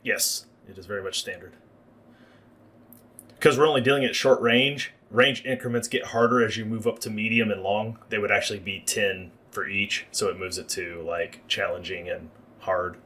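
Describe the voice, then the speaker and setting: A man's voice: fairly low pitch, steady tone, normal speed, sharp tone. A man narrating as game master for a livestreamed tabletop game, explaining the rules at length.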